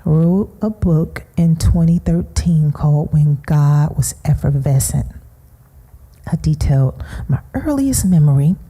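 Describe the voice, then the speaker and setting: A middle-aged woman giving a personal testimony at a seminar, speaking slowly and haltingly, often sinking into a hushed whisper as she grieves. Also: deep voice, expressive, husky. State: grieving, emotional.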